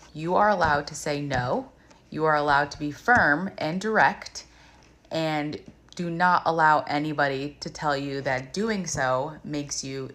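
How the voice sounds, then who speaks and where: Woman, low voice, short firm pep talk to viewers, direct. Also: a bit bright.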